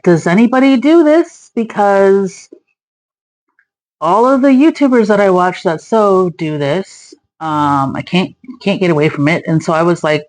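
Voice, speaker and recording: A young woman chatting casually as a craft vlogger, rambling with many fillers and trailing off mid-thought. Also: medium pitch. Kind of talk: casual chat.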